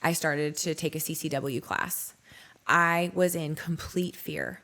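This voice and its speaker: Low, gravelly woman telling her story. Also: slow, pushed and bright. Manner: frank, blunt storytelling with swearing. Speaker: podcast guest. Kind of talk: candid personal testimony.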